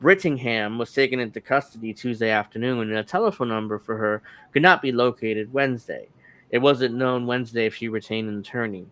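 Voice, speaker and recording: Smooth-voiced host reading news haltingly. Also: male voice, mid-range voice, a bit bright, dry recording. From New Jersey, United States. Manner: halting, many ums while reading. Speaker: podcast host. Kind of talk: casual political chat, reading news aloud.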